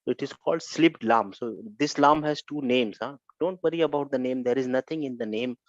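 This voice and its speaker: A male Arabic grammar teacher leading a live online class, repeating phrases and checking on students with quick "huh?" prompts. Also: medium pitch, dry recording, dull audio.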